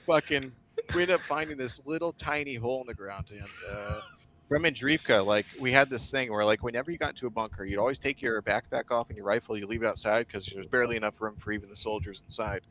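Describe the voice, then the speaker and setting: A man, a volunteer soldier, telling war stories in a blunt, profane, wryly dark-humored way on a casual stream. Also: mid-range voice, fast talker, slight background noise. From United States. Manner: profane, blunt, heavy swearing. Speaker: guest, foreign volunteer soldier.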